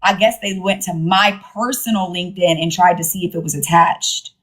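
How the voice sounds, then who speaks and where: A woman's voice: on the low side, fairly even intonation, moderate pace, fairly bright tone. A woman hosting a casual livestream, talking bluntly and profanely and repeating her points. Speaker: livestream host.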